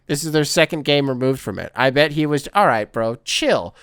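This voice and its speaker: A man's voice: on the high side, lively intonation, normal speed, fairly bright tone, clear, resonant tone, dry recording, clean studio sound. A man hosting a casual sports podcast, reading out a listener's email and breaking off often to laugh, riff and swear. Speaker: podcast host.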